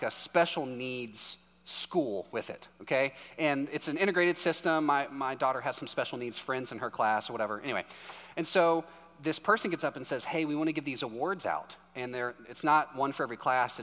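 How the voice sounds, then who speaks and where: Bright-voiced pastor in echoing hall. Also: male voice, mid-range voice. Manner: conversational storytelling, keeps asking "right?". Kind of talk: sermon. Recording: long hall reverb.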